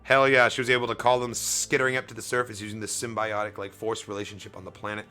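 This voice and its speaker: A man casually commenting as he reads comics aloud on a stream, animated and quick to swear and laugh. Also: on the low side, soft background music.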